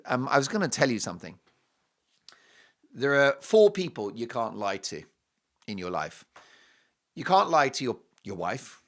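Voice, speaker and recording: In a mid-range, fairly bright voice, a middle-aged British man with a British accent hosts a talk show, serving up an opinionated monologue peppered with jokey, mocking asides.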